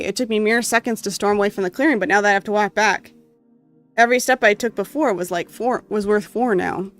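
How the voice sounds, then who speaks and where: A gamer reading a story game's text aloud with emotional, expressive delivery and occasional asides. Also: mid-range voice, fairly quick, dry recording, faint music behind. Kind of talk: dramatic reading of game text.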